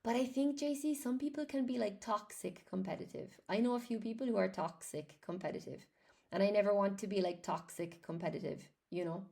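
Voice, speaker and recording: A woman's voice: medium pitch, a little fast, vocal fry, darkish tone. A woman with an Irish accent, an English teacher chatting on a live stream, reading out and answering viewer comments. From Ireland.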